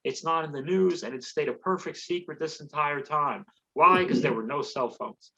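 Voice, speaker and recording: A man's voice: on the high side, moderate pace, bright, forceful tone, dull audio. A man hosting a comedy podcast, recapping a movie in a rambling, sarcastic way.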